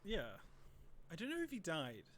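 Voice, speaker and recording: A man's voice: a little high, huge pitch swings, normal speed, fairly bright tone, slight background noise. A young man streaming a game, chatting casually and reading text aloud, with many fillers. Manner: rambling, lots of "like" fillers.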